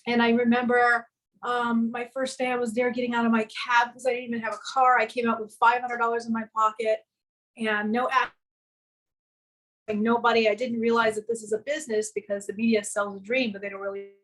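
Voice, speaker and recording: A woman's voice: a little high, little pitch movement, a little fast, a bit bright, low-quality recording. A woman from the American South telling a long personal story in a casual interview over a video call from her home music studio. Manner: earnest, rambling anecdote with quoted dialogue. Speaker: guest actress and filmmaker.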